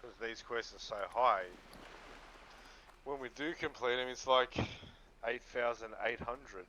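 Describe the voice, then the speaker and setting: A man's voice: mid-range voice, steady tone, measured pace, pushed and bright, lo-fi sound. A man playing an online game with a friend, answering in short, laid-back replies. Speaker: gaming teammate. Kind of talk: casual gaming chat. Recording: noisy background.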